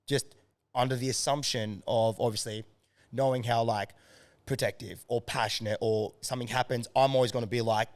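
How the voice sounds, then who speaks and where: A man's voice: medium pitch, moderate pace. An Australian man, a strength coach, chatting casually as a podcast guest and telling stories with lots of energy and swearing. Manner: animated storyteller, swears freely.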